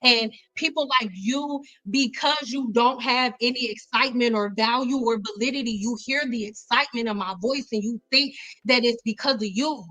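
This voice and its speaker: A woman's voice: a little high, moderate pace, sharp tone, no echo, rough recording. A woman talking intensely in a heated livestream monologue, emphatic and repeating herself. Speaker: YouTuber, spiritual coach.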